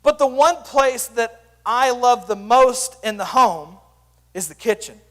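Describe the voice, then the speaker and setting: A young youth pastor preaches to a crowd of teens, with a very high-pitched voice for a man. He tells funny stories and keeps the energy up. His voice rings with the long reverb of a hall. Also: unhurried. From Sand Springs area, US. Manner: energetic, joking storyteller. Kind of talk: youth sermon.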